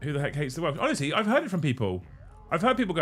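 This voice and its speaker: Male stream host, sweary and lively, light music underneath. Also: high voice, fast talker, husky. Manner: sweary, excitable, thanks viewers by name. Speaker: livestream host. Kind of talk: casual livestream chat.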